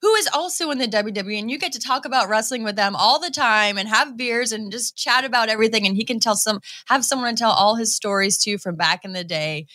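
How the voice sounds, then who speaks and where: A woman in her thirties from the Boston area, chatting excitedly as a guest in an interview and acting out quoted voices. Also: fairly quick, hardly any pauses. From Boston area, USA. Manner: excitable, acts out quoted voices with high swoops. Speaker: guest wrestler. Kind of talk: casual interview chat.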